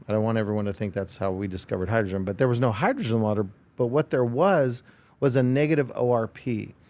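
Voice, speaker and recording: Man, interview guest, animated storyteller, explanatory, mid-pitched voice. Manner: animated, acts out quoted dialogue; explanatory, technical. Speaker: podcast guest.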